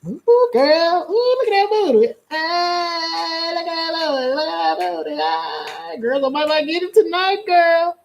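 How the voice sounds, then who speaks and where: A woman's voice: extremely high pitch, big pitch swings, a little slow, creaky, few pauses, highs cut off, a little hiss or hum, pitched above the performer's own voice, exaggerated voice. A woman voicing a brash young party girl who gossips with her girlfriends and keeps calling them "girl". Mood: giddy.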